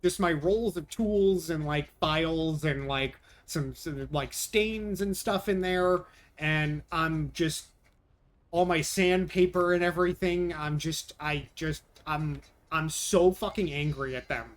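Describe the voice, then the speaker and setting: Slow-paced and a bit high-voiced for a man, a young streamer chats casually with his audience, answering their comments while venting in exasperation and swearing often.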